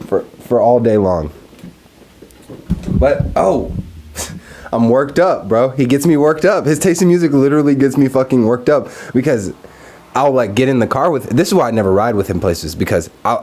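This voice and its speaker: A young man in his twenties from Texas, hosting a casual solo podcast, ranting with lots of swearing and laughing often. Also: mid-range voice. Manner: profane, animated, laughs often. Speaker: podcast host.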